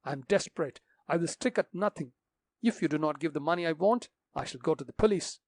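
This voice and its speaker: A man's voice: fairly high pitch, brisk, dry recording. A man doing a vicious blackmailing captain. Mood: threatening. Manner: fierce, threatening.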